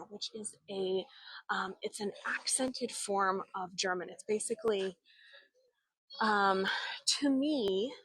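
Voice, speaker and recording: Young woman, tour guide, outdoor walking tour, handheld phone, slow unhurried talk, halting and chatty. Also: medium pitch, fairly bright tone, slightly rough, no room sound. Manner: chatty, halting with frequent restarts and fillers. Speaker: travel vlogger and tour guide. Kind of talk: live walking tour stream. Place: outdoors in an old town street.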